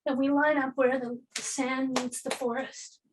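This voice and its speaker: Woman podcast guest, lively storyteller, voice sits a little high, acts out dialogue, swears casually. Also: unhurried, slight background noise, rough recording. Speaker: podcast guest, spiritual healer.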